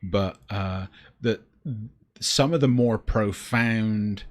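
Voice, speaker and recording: A man hosting a podcast, talking in a halting way with many fillers. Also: on the low side. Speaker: podcast host. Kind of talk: casual podcast chat.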